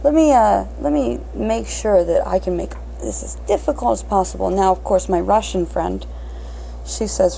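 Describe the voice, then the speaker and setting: A woman's voice: medium pitch, lively intonation, moderate pace, vocal fry, dark tone, a little hiss or hum, poor audio. A woman in her thirties hosting an unscripted solo podcast, crass and blunt, swearing freely and mocking herself. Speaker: podcast host.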